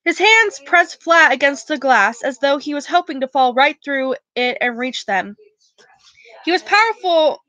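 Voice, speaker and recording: A woman's voice: high voice, animated, normal speed, sharp tone, no echo, poor audio. A woman reading a novel aloud in a casual way, with small slips and restarts. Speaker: reader.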